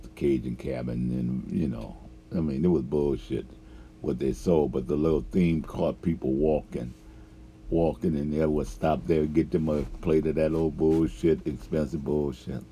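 Very deep, gravelly man telling stories. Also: dark tone, a little hiss or hum. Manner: profane, laughs often, trails off with fillers. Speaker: storyteller. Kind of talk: casual rambling storytelling.

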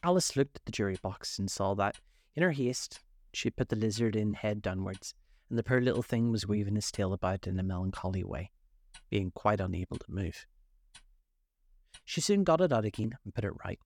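A man narrating a children's classic aloud in a measured, expressive read-aloud style. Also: on the low side, no echo. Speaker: storyteller. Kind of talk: scripted narration.

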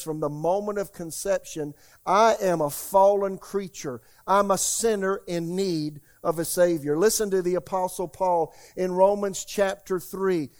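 A man preaching an Easter Sunday sermon as pastor, emphatic and calling out to the congregation, swinging from loud declarations to quiet asides. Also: high voice. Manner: emphatic preaching, asks the congregation "How many hear me?".

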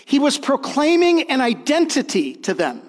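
A man's voice: very high voice, huge pitch swings, normal speed, long reverb tail. A man preaching a sermon as pastor, earnest and emphatic, repeating key phrases and restarting his sentences.

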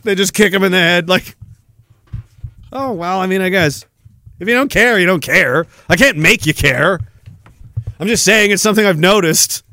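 Profane, high-voiced ranting man. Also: animated, moderate pace, long pauses, no echo. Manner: profane, laughing, swings between shouting and low mumbling. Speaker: podcast host. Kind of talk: ranting solo monologue.

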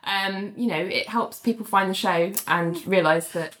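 A woman's voice: mid-range voice, measured pace, a bit bright. A British woman co-hosting a podcast, chatting and reading listener reviews aloud, with frequent fillers and laughs. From Britain. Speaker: podcast co-host.

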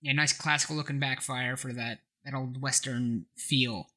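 Bright-voiced laughing male podcast host. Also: medium pitch, normal speed. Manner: laughs often, animated storyteller. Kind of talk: casual chat.

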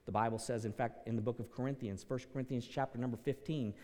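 A male pastor preaching a sermon, swinging from quiet, earnest passages to loud, dramatic peaks. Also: medium pitch, steady tone, fast talker, in a large hall.

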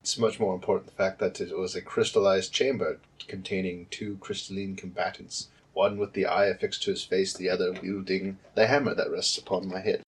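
A tabletop player who explains at length in a wordy way. His voice is fairly low and husky. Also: flat delivery, a little fast, few pauses, rough recording. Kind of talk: in-character tabletop talk.

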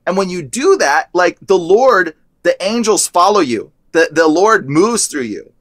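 A young man with a somewhat high voice talks loosely and rambles, packing in "like" between thoughts. The sound is dry and close, with no room around it. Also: big pitch swings, measured pace, a bit bright, dry recording. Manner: rambling, heavy use of "like". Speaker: guest. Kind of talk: casual testimony chat.

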